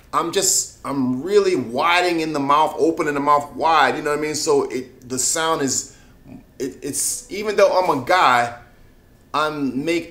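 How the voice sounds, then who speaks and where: A man's voice: on the high side, fairly bright tone. Chatty male singing teacher in an echoey room. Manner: chatty, keeps asking "you know what I mean?"; laughs between points. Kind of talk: casual online singing lesson.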